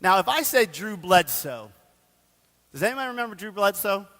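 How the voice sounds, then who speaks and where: A man preaching a sermon, telling the story in a casual, animated way with slang. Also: high-pitched, normal speed, big-room sound. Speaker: pastor. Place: church sanctuary.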